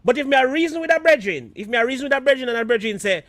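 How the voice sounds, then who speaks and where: A man's voice: extremely high pitch, lively intonation, fast talker, hardly any pauses, a bit bright, dry recording. A Jamaican man hosting a live stream show, chatting casually and mixing patois with standard English.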